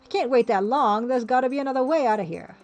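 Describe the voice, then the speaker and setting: A woman's voice: on the high side, fast talker, a little mellow, soft background music, natural voice. A woman voicing a brash, wisecracking male adventurer hero with sarcastic, impatient lines from a computer game.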